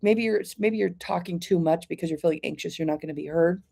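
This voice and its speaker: A woman giving live oracle card readings to viewers, calling them by name in a gentle, reassuring, chatty way and often clearing her throat. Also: on the low side, fast.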